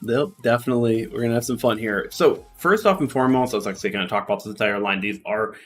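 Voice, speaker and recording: A man's voice: medium pitch, quick pace, a bit bright, faint music behind. A man with a Midwestern accent, casually chatting and explaining on a game stream, with lots of fillers. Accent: Midwestern American.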